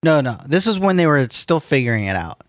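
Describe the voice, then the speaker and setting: A young man chatting casually on a podcast, rambling from one thought to the next and swearing freely. His pitch swings widely as he talks, and laughter keeps breaking in. The sound is dry and close, with no room around it. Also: sing-song, brisk, no room sound. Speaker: podcast co-host. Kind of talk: casual chat.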